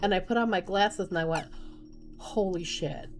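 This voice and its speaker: A young woman, a mother of small kids, telling a casual storytime vlog in a chatty, animated way and laughing often. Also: mid-range voice, normal speed, soft background music.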